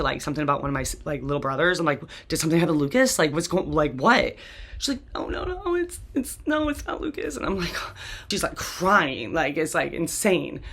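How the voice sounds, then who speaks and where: A woman's voice: low-pitched, bright, forceful tone. A woman host telling a personal story from memory in a rambling, casual way, with constant "like" and frequent restarts. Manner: rambling, heavy use of "like", restarts, occasional swearing.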